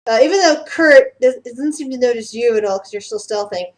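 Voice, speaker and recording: A woman's voice: a little high, animated, a little fast, low-quality recording. A woman running a tabletop game as game master, describing scenes with many fillers and restarts.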